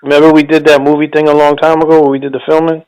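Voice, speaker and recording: A man's voice: fairly high pitch, level tone, very fast, a little mellow, smooth, highs cut off. A man hosting a radio show, chatting in a laid-back, slangy way with a caller and laughing along. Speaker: radio host. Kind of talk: casual radio phone interview.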